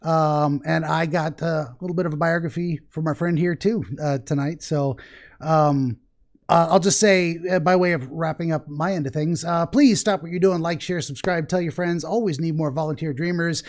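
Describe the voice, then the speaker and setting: A man's voice: fairly high pitch, steady tone, normal speed. Chatty, laugh-prone male podcast host. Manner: rambling, chatty, laughs often. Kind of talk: casual interview chat.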